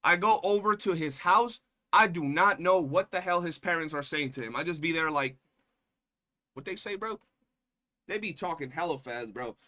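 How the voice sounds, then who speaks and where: A man's voice: a little high, expressive, normal speed, pushed and bright. A young man streaming, chatting casually in slangy, profane rants and mocking the people he talks about. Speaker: streamer reacting to drama. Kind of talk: casual reaction stream chat.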